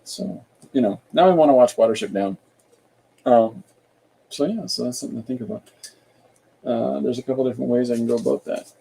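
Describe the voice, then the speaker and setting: A man hosting an art podcast, thinking aloud in a relaxed, rambling way while he draws and reads viewer comments. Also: medium pitch, a little fast, gravelly, long pauses, husky, rough recording. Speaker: artist and podcast host. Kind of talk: casual livestream chat while drawing.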